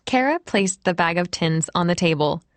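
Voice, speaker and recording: A woman narrating an audiobook in a gentle, expressive way. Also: on the low side, normal speed, dry recording. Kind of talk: scripted narration. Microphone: close studio mic.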